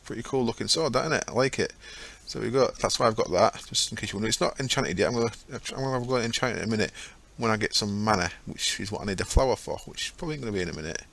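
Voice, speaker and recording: A man's voice: lowish voice, racing, gravelly, hardly any pauses, fairly bright tone. A man giving casual, rambling commentary over his own gameplay, often correcting himself as he goes. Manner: chatty, rambling, self-correcting. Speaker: gaming channel host.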